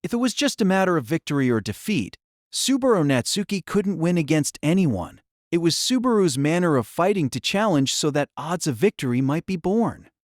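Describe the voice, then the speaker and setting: A man narrating an audiobook in an expressive, dramatic storytelling manner. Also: a little high, moderate pace, dry recording, studio quality.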